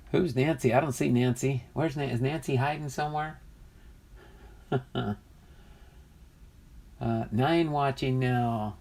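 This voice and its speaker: A man casually hosting a live stream, chatty and easily amused as he reads viewer comments aloud. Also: medium pitch. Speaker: livestream host opening trading card packs.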